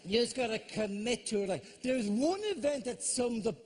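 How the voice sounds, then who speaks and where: Fast-talking Irish man doing stand-up. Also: extremely high pitch, expressive. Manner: rapid rambling delivery with shouted panicky asides. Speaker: stand-up comedian. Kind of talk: live stand-up comedy. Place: theatre stage. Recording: live venue with audible audience ambience.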